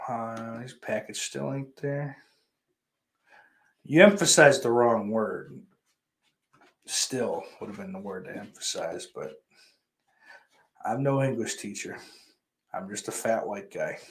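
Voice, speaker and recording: A man's voice: lowish voice, animated, unhurried, long pauses, a bit bright. A man hosting his own movie vlog in loose, profane, rambling chat, trailing off and restarting. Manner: profane, rambling, offhand, full of fillers. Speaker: channel host showing his movie purchases.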